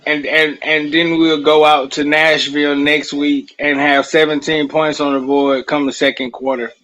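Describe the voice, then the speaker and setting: A man's voice: a little high, flat delivery, moderate pace, pushed and bright, faint music behind, poor audio. A man hosting a casual sports podcast, cracking jokes and ranting about the team. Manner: joking, then ranting in frustration. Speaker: podcast host.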